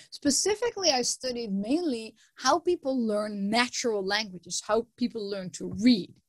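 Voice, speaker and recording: Woman prof giving a conf talk, kinda high voice, storytelling, repeats words a lot, dry close sound. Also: no echo. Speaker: computer science professor giving a conference talk. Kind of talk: conference keynote talk.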